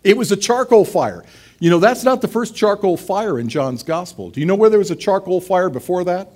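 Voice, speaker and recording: Animated conversational man preaching. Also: high voice, a little fast. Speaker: pastor. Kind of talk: sermon.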